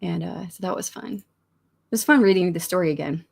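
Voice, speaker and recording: A woman's voice: lowish voice, normal speed, creaky, husky. A middle-aged woman hosting a livestream, chatting casually, reading out comments and rambling with frequent restarts and small laughs. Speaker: livestream host of writing sprints.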